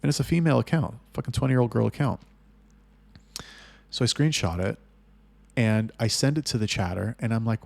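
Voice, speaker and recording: A man telling a business story in a casual monologue, blunt and full of swearing, getting loud and heated as he retells arguments. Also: medium pitch, a little fast, creaky, long pauses, no room sound. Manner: blunt, heavily profane storytelling. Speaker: agency owner telling business stories.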